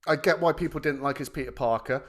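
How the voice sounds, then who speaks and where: A man's voice: on the high side, quick pace. A man co-hosting a podcast, talking casually and with a lot of enthusiasm, swearing now and then. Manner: animated, swearing, enthusiastic storytelling. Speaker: podcast co-host. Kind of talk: casual chat.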